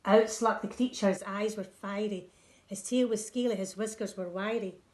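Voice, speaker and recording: A woman nursery teacher reading a picture book to young children in a clear, sing-song read-aloud voice. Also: medium pitch, fairly even intonation, moderate pace, a little mellow.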